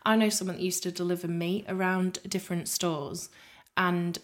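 A woman's voice: on the low side, steady tone, moderate pace. A young woman co-hosting a podcast, chatting casually, giggly and teasing. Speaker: podcast co-host. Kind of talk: casual chat.

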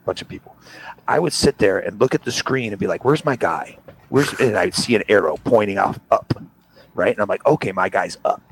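A young man telling a long casual story over a call, acting out the quotes with sudden high voices. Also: creaky, slight background noise, poor audio. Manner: animated, acts out quotes with big jumps in pitch. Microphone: remote call audio.

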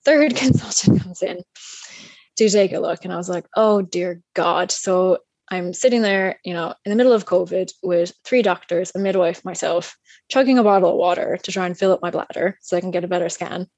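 A young woman chatting casually as a guest, recounting a personal story with lively, acted-out quotes and plenty of fillers. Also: fairly low pitch, fairly quick, no echo. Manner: animated, acts out other people's lines; chatty with many fillers and restarts.

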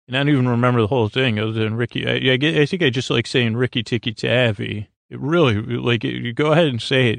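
A man's voice: mid-range voice, vocal fry, no echo. A man hosting a sleep podcast, rambling through a goofy bedtime monologue that meanders and keeps restarting.

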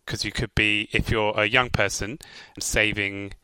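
A man's voice: on the low side, level tone, measured pace, bright, forceful tone, clean tone, no echo, poor audio. A man co-hosting a casual chat about personal finance, quizzing his partner in an upbeat game-show manner. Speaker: co-host.

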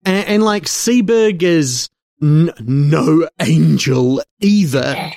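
Slow, dry-sounding male podcast host. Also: a little high, lively intonation, vocal fry, a little mellow, no echo. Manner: halting, searching for words, wry. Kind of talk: casual film discussion.

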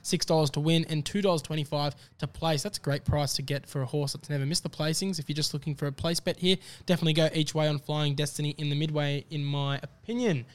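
Australian man, podcast co-host, confident racing tips, fairly high voice, clear smooth tone. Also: steady tone, fast talker, hardly any pauses. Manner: upbeat, confident tipster banter. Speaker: podcast co-host tipping races. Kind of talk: casual racing tips chat.

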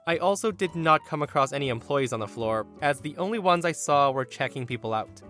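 Animated man retelling a story. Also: fairly high pitch, a little fast, soft background music. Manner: animated, indignant retelling with quoted voices. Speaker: podcast host. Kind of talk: storytelling narration.

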